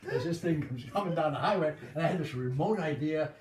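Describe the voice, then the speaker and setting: A man's voice: a little high, a little fast, darkish tone. An older man from the Boston area telling anecdotes in a chuckling, rambling, folksy way. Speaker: storyteller. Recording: roomy, distant mic, background noise.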